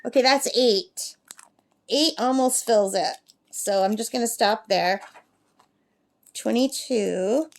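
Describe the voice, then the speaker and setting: A woman with a highish voice speaks slowly and pauses often. She is a crafting vlogger at her summer camp, talking parrot in tow, chatting in a rambling, casual way and reading numbers aloud as she works.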